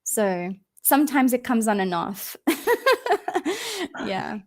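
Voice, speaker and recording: A woman with an Australian accent, an English tutor chatting casually on a video call, laughing often and filling pauses with ums. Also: mid-range voice, a little mellow.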